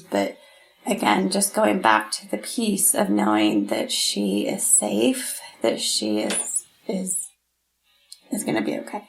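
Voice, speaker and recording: Slow, gravelly-voiced woman guest. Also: medium pitch, very animated, low-quality recording. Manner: earnest and heartfelt, opening up on a painful loss. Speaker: podcast guest. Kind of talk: candid interview storytelling.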